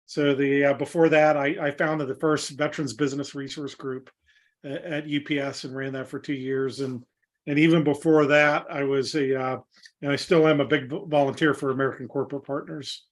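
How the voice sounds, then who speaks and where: A man's voice: medium pitch, flat delivery, moderate pace. A man who is an Air Force veteran and hosts the show, talking casually with lots of restarts. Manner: rambling, many restarts. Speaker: host, veterans group founder. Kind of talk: casual chat.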